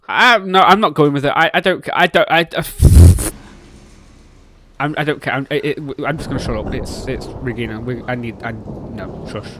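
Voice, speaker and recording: Excitable man reacting out loud. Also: mid-range voice, normal speed, slight background noise. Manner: excitable, swinging between shouting and muttering. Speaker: reaction video host. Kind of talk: reacting to a TV series.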